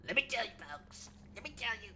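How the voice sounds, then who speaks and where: A man's voice: extremely high pitch, big pitch swings, a little fast, a little hiss or hum, voice pushed up, heavily acted. A man putting on a comic impression of a boastful older male politician, full of repeated superlatives and exaggerated bragging. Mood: blustering. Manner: exaggerated bragging, repeats catchphrases, swings loud and soft.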